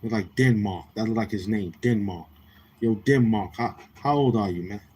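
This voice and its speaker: Brash low-voiced New York man. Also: moderate pace, darkish tone, husky. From Queens, New York. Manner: brash, profane, confrontational. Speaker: livestream host. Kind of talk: casual livestream chat with viewers.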